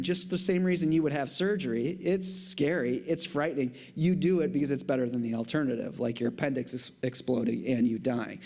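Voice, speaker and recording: A middle-aged man giving a humorous conference talk to a church audience, animated, with jokey asides. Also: mid-range voice. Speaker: conference speaker.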